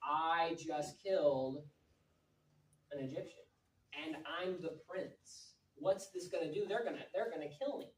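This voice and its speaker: A woman voicing a frightened young man who has fled as a prince, worried and halting, in a roomy hall from a distant mic. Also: sits low, pitched below the performer's own voice. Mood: panicked. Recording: roomy echo from a distant mic, faint noise.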